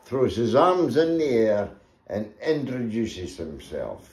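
A man's voice: medium pitch, very animated, slow pace, a little mellow. A Scottish man telling a comic story, laughing often as he goes. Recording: echoey room.

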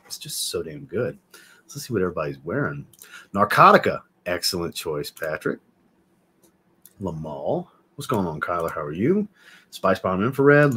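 A man hosts a casual livestream, chatty and enthusiastic, reading viewers' comments and names aloud and answering them. His voice is low and a bit bright, with slightly rough audio.

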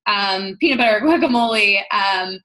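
A woman's voice: mid-range voice, moderate pace, bright, forceful tone. A young adult woman, a fitness coach, talking casually on a team call in a chatty, upbeat way with many fillers.

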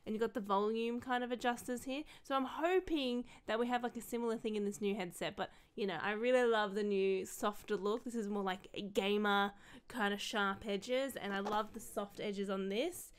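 A woman's voice: mid-range voice, moderate pace, clean tone. A young woman casually unboxing gear for her vlog, gushing, sweary and chatty with rambling asides. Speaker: content creator and streamer.

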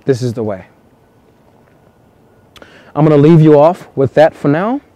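A man's voice: a little high, animated, a little slow, warm tone. A man from the United States giving earnest, repetitive dating-coach advice in a vlog monologue, with casual swearing, recorded outdoors in the cold.

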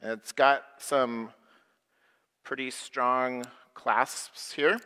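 A middle-aged man preaches in a large hall with a long reverb. He has an average pitch and speaks in a slow, plain way. He leads his listeners through short prayers, and they repeat each phrase after him. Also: steady tone, bright, forceful tone, smooth. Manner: slow, plain, leading call-and-response prayers. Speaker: pastor. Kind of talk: simple sermon for people with special needs. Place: worship hall.

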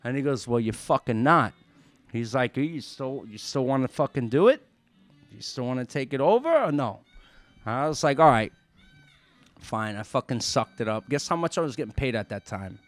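A man tells a long story as a podcast guest. His speech is loose and profane, and he acts out other people's lines as he goes. His voice sits at a middle pitch. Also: moderate pace, dry recording, soft background music. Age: 30s. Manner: profane, animated storyteller acting out quotes. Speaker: restaurant owner, podcast guest. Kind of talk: casual storytelling chat.

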